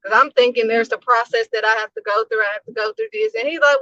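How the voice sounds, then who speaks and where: Woman, casual preaching, emphatic, somewhat high voice, dry close sound. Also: fast talker, hardly any pauses, pushed and bright, dry recording, highs cut off. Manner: emphatic, repetitive, punchy phrases. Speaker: host of a faith channel.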